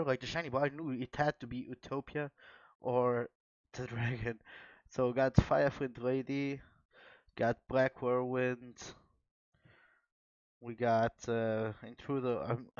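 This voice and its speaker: Opening a pack of trading cards, an excitable man chats with his viewers, calling them "guys" between his exclamations. His middle-pitched voice moves at an unhurried pace. The recording is dull, lo-fi, dry and close, with no echo.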